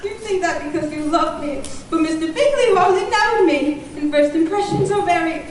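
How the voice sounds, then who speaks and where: A woman's voice: very high voice, fairly quick, slight background noise. A young actress in a stage play playing a lovesick, fretful young woman sick in bed, heard from far off in an echoey hall. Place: theatre stage.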